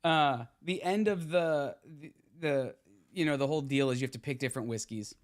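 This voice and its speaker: A man's voice: a little high, moderate pace. Rambling man chatting casually. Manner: rambling, many fillers and restarts. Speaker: podcast host. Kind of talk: casual chat.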